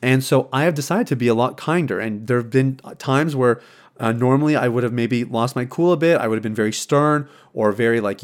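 An earnest man hosts a podcast, thinking aloud in a relaxed, reflective way. His voice sits at an ordinary middle pitch, and he often trips over and restarts his phrases, with plenty of ums along the way. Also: brisk. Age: adult, married. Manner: earnest, conversational, many restarts and fillers. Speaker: podcast host. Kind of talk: reflective casual monologue.

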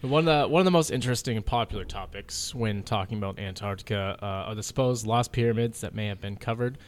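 A man's voice: on the low side, fast, a little hiss or hum. A man hosting a podcast, reading from his notes in a loose, joking way with laughs and swearing. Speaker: podcast host. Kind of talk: casual chat, reading notes.

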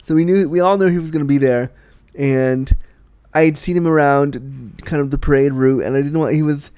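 A man's voice: a little high, normal speed, darkish tone, clean tone, no echo. A man hosting his own vlog, talking in a chatty, enthusiastic way with frequent restarts. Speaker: vlog host. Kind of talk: casual personal monologue.

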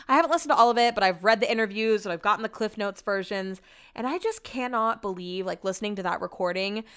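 Chatty young woman with a smooth voice. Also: medium pitch, fairly bright tone. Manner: chatty, rambling, says like a lot, swears casually. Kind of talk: casual chat.

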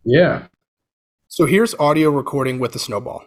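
A man talking casually over a video call, explaining audio gear as a podcast guest, with a relaxed, filler-heavy manner. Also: fairly high pitch, moderate pace. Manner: relaxed, chatty, lots of fillers like "you know" and "um". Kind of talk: casual explanatory chat, demonstrating microphones. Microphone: switching between webcam mic and USB condenser over a video call.

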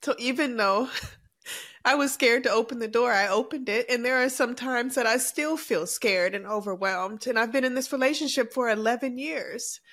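A woman's voice: fairly high pitch, moderate pace, a bit bright. Woman, 30s, podcast co-host; earnest, reflective, emotional delivery in casual chat.

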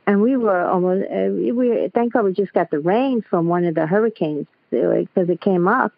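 A woman calls in to a radio show, speaking in hesitant, halting bursts. She sounds worried. Her voice comes through a tinny, dry phone line. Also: medium pitch, creaky, no room sound. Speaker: caller.

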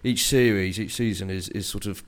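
A man co-hosting a casual interview, friendly and polite, with halting phrasing. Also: on the low side, fairly even intonation, a little hiss or hum. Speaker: podcast co-host.

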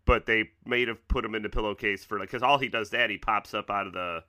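A man's voice: fairly low pitch, fast talker, bright, forceful tone. A man on a podcast panel, eagerly chiming in about a horror film, often restarting his sentences. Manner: eager, stumbles into points. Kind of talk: casual film discussion.

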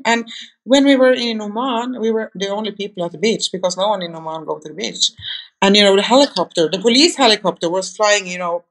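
A woman interview guest, telling long anecdotes in a loose conversational way, with many restarts. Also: medium pitch. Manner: rambling, anecdotal, frequent restarts. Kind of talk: conversational storytelling.

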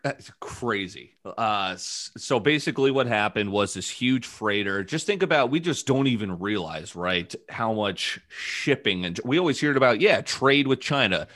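A man with a lowish voice hosts a casual podcast chat. He rambles loosely, trailing off into fillers and jokes. The sound is dry and close to the mic. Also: expressive, moderate pace, few pauses, a bit bright, dry recording. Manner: rambling, joking, many fillers. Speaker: podcast host.

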